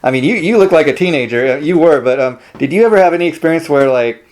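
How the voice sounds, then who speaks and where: A man hosting a casual interview, eager, with many quick yeahs and wows. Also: fairly high pitch, animated, a little mellow. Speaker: interviewer, host.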